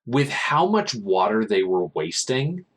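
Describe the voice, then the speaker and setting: A young adult man hosting a casual film podcast, recapping scenes in an animated way and quoting lines. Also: on the low side, unhurried. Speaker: podcast host.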